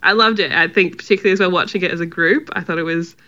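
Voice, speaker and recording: A woman guesting on a casual podcast, chatting in a relaxed way. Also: on the low side, rapid-fire, muffled recording. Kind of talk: casual chat.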